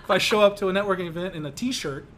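A man hosting a casual interview podcast, jokey and animated, acting out quotes as he tells stories. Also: sits high, rapid-fire, slight background noise. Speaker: podcast host.

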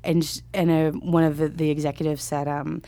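A woman's voice: sits low, level tone, fairly quick, dark tone. A woman casually telling a story in conversation, chatty and self-deprecating, with many fillers and laughs. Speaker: comedy writer telling a story.

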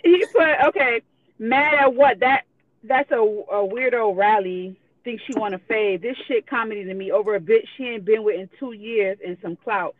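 Calling in as a guest, this woman speaks at normal speed in a voice on the high side. She reads out messages on the live call in a blunt, profane way and laughs in between. The audio comes through a tinny phone line.

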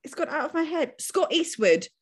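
A woman's voice: high voice, big pitch swings, moderate pace. A woman in casual chat, giggly and exclamatory.

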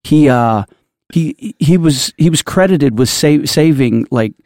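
A man's voice: a little high, animated, measured pace, dark tone, dry recording, clean studio sound. A man hosting a casual church podcast, rambling through a story with many restarts and asides. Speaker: podcast host.

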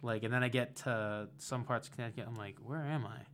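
Young male guest DJ, casual rambling storyteller, mid-pitched, studio chat. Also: fast talker, slight background noise. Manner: animated, rambling with many fillers. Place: radio studio.

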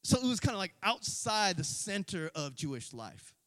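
A man preaches in a loose, conversational way and throws slang into his sermon. His voice sits high and swings up and down a lot. The sound carries a long reverb from a large hall. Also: big pitch swings, normal speed, fairly bright tone. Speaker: pastor.

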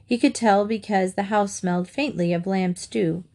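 A woman reading a children's chapter book aloud, narrating in a gentle, even way. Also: medium pitch, normal speed. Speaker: storyteller.

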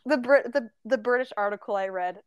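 A young woman from the Southwestern United States co-hosts a podcast, her slightly high voice clean and free of room sound. The chat is casual and playful, and she giggles and jokes readily.

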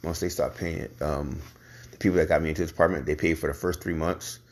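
A man hosting a podcast, telling his own story in a casual, halting way with frequent pauses and restarts. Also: very deep voice, steady tone. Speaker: podcast host.

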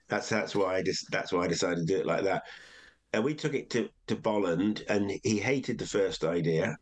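Older male comedian guest, very low voice, rambling anecdotal storyteller. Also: moderate pace. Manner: rambling, with many restarts and acted quotes. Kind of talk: relaxed anecdotal chat.

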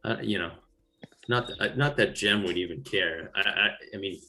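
A man's voice: low-pitched, normal speed, sharp tone. A man host chatting casually, retelling film scenes in a rambling way with restarts. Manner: rambling retelling with many restarts, laughs easily. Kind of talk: casual film recap chat.

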